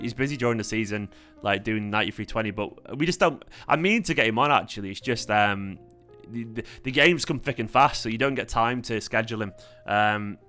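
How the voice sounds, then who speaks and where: A man's voice: mid-range voice, bright, forceful tone. A young man, hosting a fan channel livestream in a casual, rambling chat, his voice tired. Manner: rambling, laid-back, chatty with fillers. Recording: faint guitar music behind.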